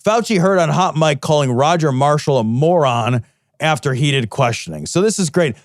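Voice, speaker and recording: A man's voice: fairly high pitch, animated, moderate pace, dry recording, clean studio sound. A man co-hosting a podcast in a casual, profane, emphatic chat. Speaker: podcast co-host.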